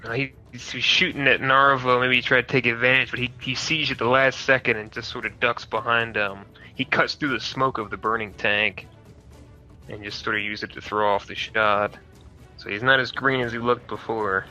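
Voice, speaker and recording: A man narrating a tabletop mech battle as game master, his voice very bright and cutting, loose and casual with frequent laughs and swearing. He has a middle pitch, with faint music behind him. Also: fairly even intonation, normal speed, muffled recording.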